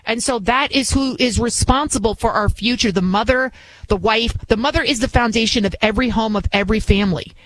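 A middle-aged woman hosting a talk radio show, giving opinionated commentary in an animated, mocking way. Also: fairly high pitch, brisk, rough recording. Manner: animated, mocking, acts out quoted voices.

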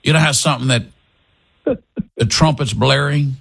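A man's voice: medium pitch, moderate pace, gravelly, breathy edge. A man hosting a talk radio show, chatting casually and restarting his sentences often. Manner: lively, chatty, self-correcting with frequent restarts.

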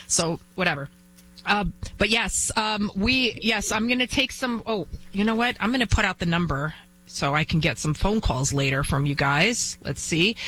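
A woman's voice: fairly low pitch, bright, forceful tone, slightly rough, low-quality recording. A woman hosting a talk show, delivering an emphatic, blunt monologue that repeats its points and keeps asking "right?".

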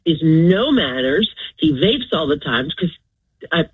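A woman's voice: sits low, sing-song, unhurried, slightly rough, no echo. A woman in her forties calling into a radio show, venting in an exaggerated, exasperated way over a muffled phone line. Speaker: caller. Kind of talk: call-in radio chat.

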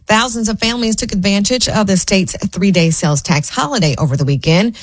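A woman's voice: mid-range voice, dry recording. Woman reading the news, dry studio sound. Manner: steady, measured delivery. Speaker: news anchor. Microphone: studio microphone.

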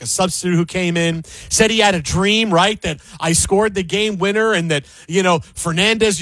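A man's voice: sits high, fairly bright tone, no echo. A male sports talk host, emphatic and opinionated, joking with his co-host.

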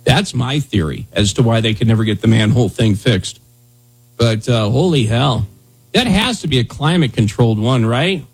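With a mid-range, slightly rough voice, this radio host talks expressively at a moderate pace. He rambles in relaxed talk-radio banter, leaning on "dude" and "man" a lot.

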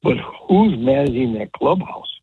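A man in his seventies, a retired baseball coach, telling stories on a radio show in a rambling, animated way with many restarts. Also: fairly high pitch, normal speed, slight background noise. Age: 70s. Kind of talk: casual radio interview. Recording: tinny phone line.

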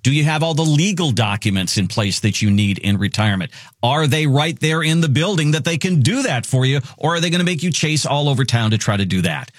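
A male radio host leads a finance talk show in a lively, bouncing voice. He sounds upbeat and salesy, and the recording is dry and close. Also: fairly high pitch, a little fast, no room sound. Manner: upbeat, salesy, repeats key phrases.

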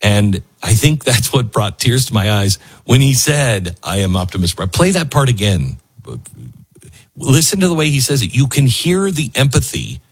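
On his talk show, this host talks in an easygoing, emotional way, stumbling into fillers and starting over often. He has a medium-pitched voice with a breathy edge, and the studio-quality audio carries no echo.

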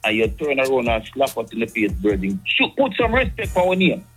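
A man's voice: mid-range voice, huge pitch swings, brisk, fairly bright tone, soft background music. A man with a Jamaican accent calls in to a radio show and passionately argues his point. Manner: patois-tinged, passionate, preachy. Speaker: caller. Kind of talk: heated call-in opinion.

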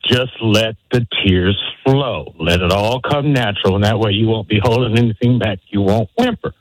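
A man's voice: on the low side, normal speed, dry recording, poor audio. Folksy middle-aged male radio caller. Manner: folksy, earnest, gives fatherly advice. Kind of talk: phone-in advice.

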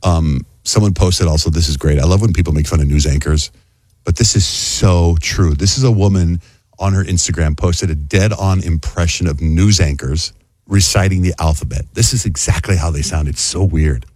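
A man's voice: sits low, normal speed, darkish tone, dry recording. A man hosting a radio show, chatting casually and telling stories in a radio studio.

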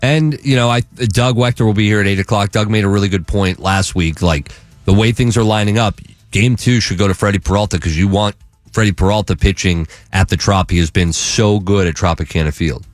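A man's voice: lowish voice, a little fast, dry recording. A man co-hosting a sports radio show, teasing and playful with his partner. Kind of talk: casual sports radio banter. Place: radio studio. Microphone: studio mic.

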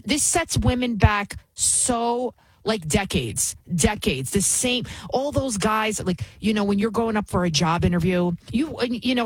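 Middle-aged female talk host, husky, dry close sound, emphatic, indignant. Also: mid-range voice, dry recording, low-quality recording. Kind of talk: opinionated commentary.

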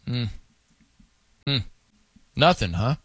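A man hosting a sports radio show, chatting casually and rambling with quick asides from a studio microphone. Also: mid-range voice, very animated, no room sound. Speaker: radio host.

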